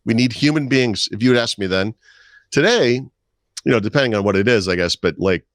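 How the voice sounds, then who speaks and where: A middle-aged man with a fairly low voice tells wry, rambling stories in casual podcast chat. The sound is dry and close, with no room around it. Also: a little fast, no echo. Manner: storytelling, wry, puts on voices in anecdotes. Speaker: podcast co-host.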